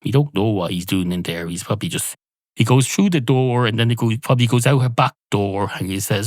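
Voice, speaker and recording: Deadpan rambling comedian. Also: male voice, on the low side, brisk, no echo. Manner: deadpan, musing, digressive. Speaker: podcast host. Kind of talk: rambling comic monologue.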